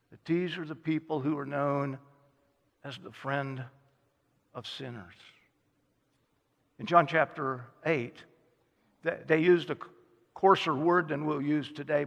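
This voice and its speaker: A man's voice: a little high, gravelly, a bit bright, in a large hall. A man preaching a sermon as a pastor, telling stories and acting out the voices of the people he quotes. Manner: storytelling, acts out quoted voices.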